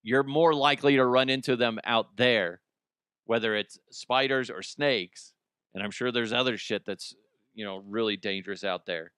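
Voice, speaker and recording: A man from the United States hosts a comedy news show, rambling through stories with casual swearing and laughing at his own jokes. His voice is smooth and resonant in a mid register. The sound is dry and close, with no room echo. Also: mid-range voice, normal speed, a bit bright.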